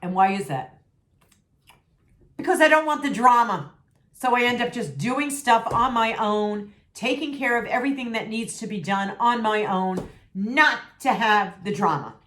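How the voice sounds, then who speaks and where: A woman's voice: on the high side, animated, measured pace, a bit bright. A middle-aged woman venting candidly to her viewers in a vlog, sassy and emphatic, repeating herself for emphasis, her voice a little worn. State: losing her voice. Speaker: vlogger. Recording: echoey room.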